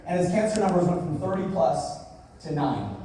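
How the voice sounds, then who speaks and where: At a business event, a young man gives a motivational speech built around a personal story, speaking animatedly at a moderate pace but going low and quiet at emotional moments. He is recorded from a distance in an echoey hall.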